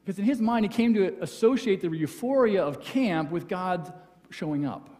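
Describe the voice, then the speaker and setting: A man preaching a conversational sermon as pastor, acting out quoted voices and dropping very soft for emphasis. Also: sits high, lively intonation, normal speed. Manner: conversational, acts out quoted voices, drops to near whisper for emphasis. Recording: church hall with long reverb.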